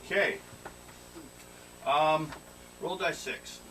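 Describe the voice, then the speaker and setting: A man's voice: on the high side, drawn-out words. A man narrating as game master in a tabletop role-playing game, laughing often and telling players to roll dice. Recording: noisy room recording from a distance.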